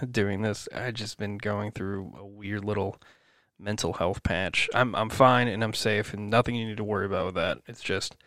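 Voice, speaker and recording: A man's voice: on the low side, a bit bright, clean tone, no room sound. Male podcast host, raw venting monologue, heavy swearing, dry close sound. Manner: swearing, rambling, self-encouraging.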